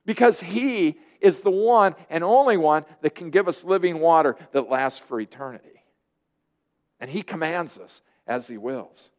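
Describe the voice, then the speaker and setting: A man preaching a sermon, lively and earnest, often acting out the voices of people he quotes. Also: a little high, normal speed. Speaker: pastor.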